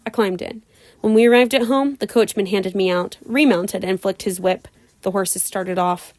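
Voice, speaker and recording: A woman reads a novel aloud in an even, mid-pitched voice. The sound is dry and close, with no room around it. She keeps the characters' lines near her own voice. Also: normal speed, no echo. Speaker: audiobook reader.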